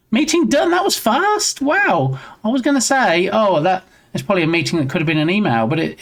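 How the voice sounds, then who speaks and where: A man hosting a game development live stream, chatting casually with his audience in a playful way and laughing often. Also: on the high side. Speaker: game dev livestream host.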